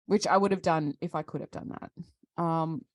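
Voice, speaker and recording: A woman's voice: sits low, fairly even intonation, normal speed, dry recording, studio quality. An Australian woman co-hosting a casual podcast, ranting through a story and acting out both sides of the conversations in it. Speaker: podcast co-host. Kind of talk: casual chat.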